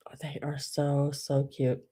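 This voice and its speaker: A middle-aged woman chats her way through a live online auction, gushing as she calls out bids and counts down to each sale. Her slightly low voice sounds warm, mellow and a bit rough rather than bright, yet her delivery is completely flat and slow.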